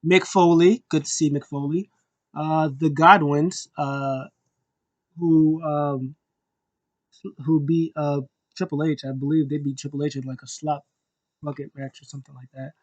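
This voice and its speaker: A man giving a casual, rambling show review, breaking into exaggerated high-pitched reaction voices. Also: flat delivery, a little slow, darkish tone, no room sound, highs cut off. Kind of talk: casual recap and opinion.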